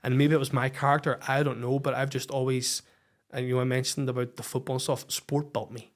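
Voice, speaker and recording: A Northern Irish man sits in as a podcast guest and tells his life story in a frank, unfiltered way, swearing freely. His voice sits at an ordinary middle pitch for a man. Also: flat delivery, brisk. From Northern Ireland. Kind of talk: personal storytelling in a podcast interview.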